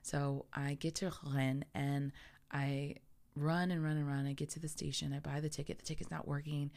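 A woman casually telling a story about her travels as a photographer, animated, acting out her own panic in quoted asides. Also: low-pitched, normal speed.

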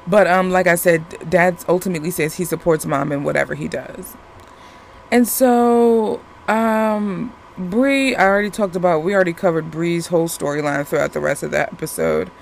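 A man talks through a TV episode in a loose, chatty recap. His voice sits high with a gravelly rasp, and he keeps restarting sentences and filling pauses as he goes. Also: steady tone, a little hiss or hum. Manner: rambling, many fillers and restarts.

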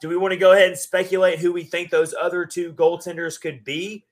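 A man co-hosting a sports podcast, talking casually and at length with relaxed fillers. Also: sits high. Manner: relaxed, talkative, drawn-out fillers. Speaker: podcast co-host.

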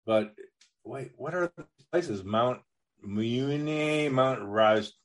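A man's voice: medium pitch, slow pace. A man hosting a comedy podcast, joking crudely and bantering loosely. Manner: animated and joking, with a lively, swinging delivery. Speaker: podcast host.

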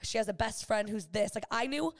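A woman in her twenties co-hosting a podcast, telling a rambling story in casual chat and acting out what people said. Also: fairly high pitch. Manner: animated, acts out quoted voices, fast rambling. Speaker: podcast co-host.

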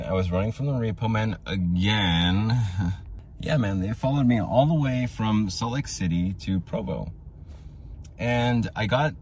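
Low-voiced man rambling with vocal fry. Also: a little hiss or hum. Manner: rambling, tangent-prone storytelling. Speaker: podcast host. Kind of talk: casual rambling monologue.

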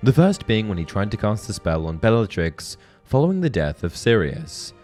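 Deep-voiced guy narrating a theory video, lively up and down delivery, earnest and analytical, soft music under it. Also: moderate pace. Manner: earnest, analytical, reads book passages aloud. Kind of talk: scripted video-essay narration. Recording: faint background music.

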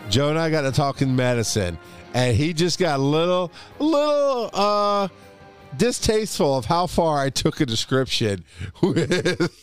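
A man's voice: a little high, expressive, unhurried, faint music behind. Rambling, joking male podcast host. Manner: rambling, joking, many restarts. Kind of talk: casual chat.

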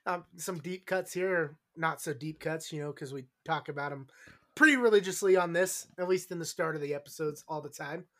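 A man's voice: a little high, a little fast, a bit bright. Joking, rambling podcast host man. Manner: jokey, rambling. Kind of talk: casual sports podcast chat. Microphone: own podcast microphone.

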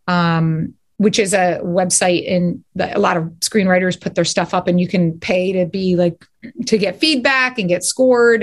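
A woman sits down for a relaxed podcast interview, a guest who talks in animated bursts. Her voice sits at an ordinary middle pitch as she rattles through one story after another. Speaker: guest actor and writer.

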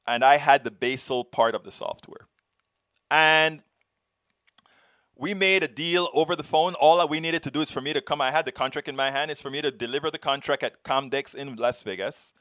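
A man with a foreign accent hosting a show, telling a story in earnest, halting commentary. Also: a little high, a bit bright, no echo, studio quality. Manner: earnest, halting, many restarts. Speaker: show host answering viewer questions.

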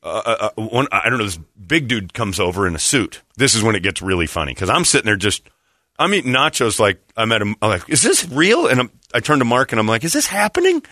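A man's voice: fast, no echo, clean studio sound. A man telling a story in casual chat, acting out the people he quotes. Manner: animated, acts out quotes with raised pitch.

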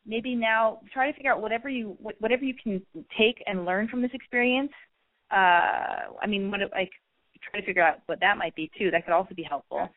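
A woman's voice: mid-range voice, brisk, dry recording, phone-quality sound. A woman hosting a call-in advice radio show in a brash, joking way, acting out little scenes.

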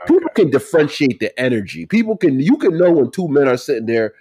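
Man, casual podcast co-host, lively pitch, dry close sound, emphatic. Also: fast talker, husky, dry recording. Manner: animated, emphatic, swings from loud to quiet. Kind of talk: casual chat.

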